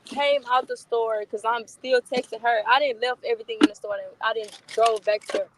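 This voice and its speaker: A young woman in a casual interview, telling stories about a close friend in a lively, slangy way and laughing often. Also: on the high side, a little fast, background noise.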